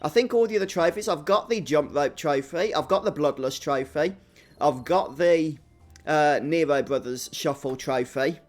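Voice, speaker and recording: A young man from Birmingham talks through his game stream in a broad Brummie accent, his voice pitched a little high. He chats easily with viewers and laughs at himself, with quiet game music faintly audible behind him. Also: normal speed. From England. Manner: chatty, reads and answers chat viewers; self-deprecating, laughs often. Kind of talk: live stream game commentary.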